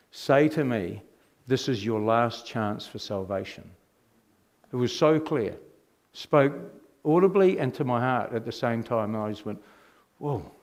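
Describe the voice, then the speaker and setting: Middle-aged New man telling his testimony. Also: mid-range voice. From New Zealand. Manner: animated, rhetorical questions to the audience. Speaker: speaker giving his testimony. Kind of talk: personal testimony storytelling.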